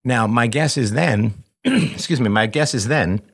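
Answering a caller on his live call-in show, this host offers parenting advice in a chatty style, tossing out rhetorical questions and frequent "right?"s while playing out exchanges between parent and child. He speaks at a measured pace in a medium, slightly bright voice with a breathy edge.

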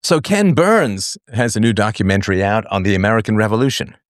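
A man's voice: lowish voice, sing-song, brisk, no echo, studio quality. A man hosting a live call-in talk show, musing and chatty, with many fillers and asides. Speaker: show host.

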